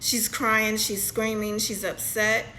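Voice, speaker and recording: A woman giving a channeled spiritual reading, halting and repeating herself as she describes what she sees, often checking in with "okay?". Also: medium pitch, flat delivery, bright, forceful tone, a little hiss or hum, low-quality recording. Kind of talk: channeled reading, narrating a vision.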